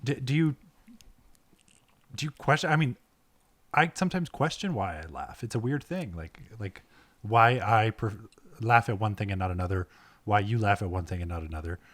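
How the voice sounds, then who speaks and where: A man's voice: fairly low pitch, lively intonation, normal speed, long pauses, fairly bright tone, no echo. A man who is a podcast guest and an author, talking in a thoughtful, inquisitive way in casual conversation.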